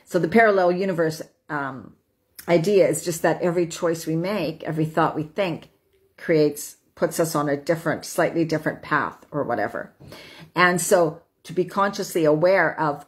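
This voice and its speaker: Chatty woman with a low voice. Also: moderate pace. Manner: chatty, frequent "right?", laughs while talking. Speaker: host. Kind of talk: casual self-help talk to camera.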